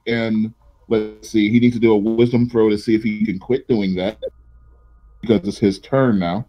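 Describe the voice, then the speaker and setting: Mellow-voiced male game master. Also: medium pitch, unhurried, poor audio. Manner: relaxed, joking rulings. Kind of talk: running an online tabletop game.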